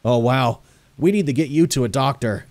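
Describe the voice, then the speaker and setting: A calm young camp counselor, played by a man, soothing and brisk. He reassures steadily and keeps things moving. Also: medium pitch, dry recording, lightly acted. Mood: reassuring.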